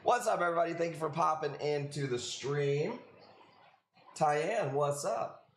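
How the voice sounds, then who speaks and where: Man, live-stream host, casual slangy chat, higher voice, echoey room. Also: measured pace, slight background noise. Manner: laid-back, slangy, greets viewers by name. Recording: echoey room with faint ambience.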